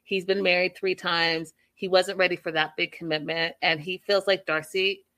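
Woman, gossipy recap vlogger, lowish voice, bright and forceful, animated storytelling. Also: normal speed.

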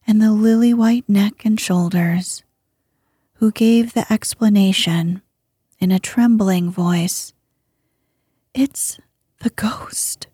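A woman narrating a bedtime sleep story in a soothing, hushed voice that often drops to a whisper, close to the mic. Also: medium pitch, breathy edge, no room sound.

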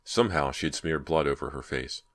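A man reading a horror audiobook in a steady, measured way. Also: a bass voice. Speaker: audiobook narrator. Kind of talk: scripted horror narration.

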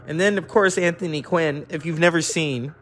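A man's voice: a little high, moderate pace, a bit bright, faint music behind. A man hosting a casual, rambling, enthusiastic chat about classic films. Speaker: host.

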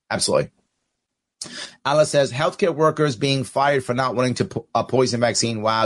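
A man hosting his own political podcast, talking straight to his viewers in casual commentary and reading out their comments. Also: mid-range voice. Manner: animated, talks straight to viewers, reads out comments. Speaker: podcast host.

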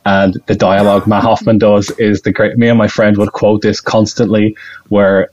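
Rambling, excitable male podcast guest with a low voice; recorded on dull, lo-fi audio. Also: moderate pace. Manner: excitable, rambling, laughs often. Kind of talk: casual podcast chat.

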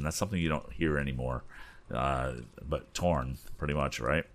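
A man reading a story aloud with relaxed, chatty asides. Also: moderate pace. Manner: voices the boys' lines with raised pitch. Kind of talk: casual read-aloud narration with asides.

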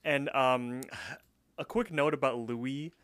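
A young man co-hosting a podcast, casually recapping a cartoon episode with lots of fillers and quick acted-out quotes. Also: mid-range voice, steady tone, fairly bright tone, clean tone, no echo. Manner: chatty, many fillers, acts out quotes. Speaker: podcast co-host.

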